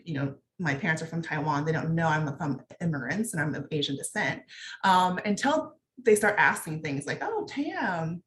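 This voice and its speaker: This is a young woman from Texas, talking openly on a panel. Her voice sits a little low, and she fills the pauses with "um" and "like." The room is echoey, with a faint hiss behind her. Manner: candid, conversational, many fillers. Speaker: veterinarian panelist. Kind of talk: panel discussion, personal account.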